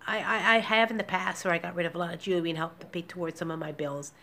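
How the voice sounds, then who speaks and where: A woman's voice: lowish voice, steady tone, fast talker, vocal fry, pushed and bright. A woman vlogging from her apartment in a rambling, candid way, emotional and close to tears, laughing nervously between thoughts. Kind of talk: emotional personal vlog. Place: small apartment indoors.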